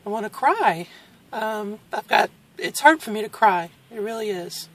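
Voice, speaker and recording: A woman in her forties speaking candidly in a personal video diary. She is emotional and halting, close to tears, with nervous laughs. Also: medium pitch, animated, a bit bright. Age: 40s. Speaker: vlogger.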